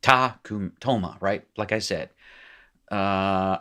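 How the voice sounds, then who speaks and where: This is a man with a fairly low voice giving a casual recorded lesson. He reads passages from a textbook, then comments on them loosely, with frequent restarts and small self-corrections. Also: a little slow, fairly bright tone. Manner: rambling, self-correcting, joking asides. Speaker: teacher.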